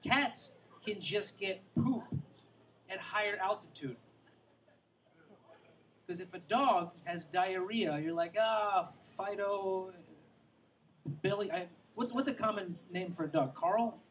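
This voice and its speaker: A man's voice: high voice, slow, long pauses, fairly bright tone, distant mic, a little hiss or hum, poor audio. A man doing a stand-up comedy set outdoors by the water, rambling and self-mocking, drifting into asides and tripping over his own words. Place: outdoor show near the water.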